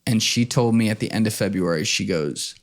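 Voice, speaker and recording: A man as a podcast guest in casual chat, telling stories in an animated way, with plenty of swearing and acted-out quotes. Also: on the low side, brisk. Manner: animated, profane, acts out quotes.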